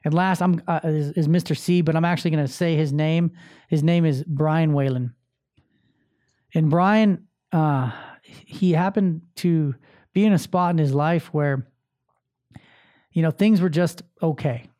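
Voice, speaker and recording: A man speaks a little slowly in a fairly high, mellow voice while filming himself on camera. Hosting his own podcast and coaching show, he gives a relaxed but forceful motivational monologue, swearing liberally and repeating himself to drive ideas home.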